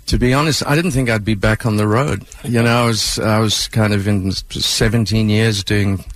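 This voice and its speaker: A man's voice: lowish voice, steady tone, normal speed, no room sound. A man with a South African accent, a musician and film composer, explaining his work at length in a radio interview.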